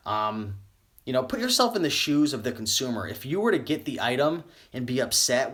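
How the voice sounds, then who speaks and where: A man's voice: medium pitch, a bit bright. Young adult man, casual live-stream host, loose rambling delivery, slightly tired voice. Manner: rambling, many fillers and self-corrections. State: losing his voice. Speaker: online clothing reseller. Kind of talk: live-stream tips chat.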